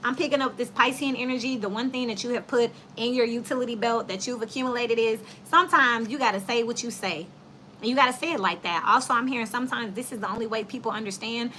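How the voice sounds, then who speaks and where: A woman's voice: fairly high pitch, fairly quick, bright, forceful tone, slight background noise. A woman with children doing a casual tarot reading for her viewers, talking bluntly and animatedly in slang and laughing often. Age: adult with children. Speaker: tarot reader.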